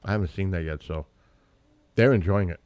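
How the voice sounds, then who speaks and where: Low-voiced rambling male stream host. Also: brisk, no room sound, muffled recording. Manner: rambling, talks to chat and family, breaks into loud exclamations. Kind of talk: casual live stream chat.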